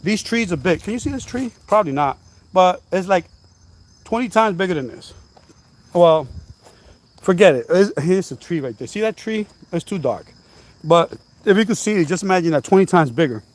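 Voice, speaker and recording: A man vlogging outdoors at night, telling a story in an animated, repetitive, exclaiming way, now and then coughing. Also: high-pitched, moderate pace. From New Jersey. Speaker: channel host. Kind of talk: casual storytelling vlog.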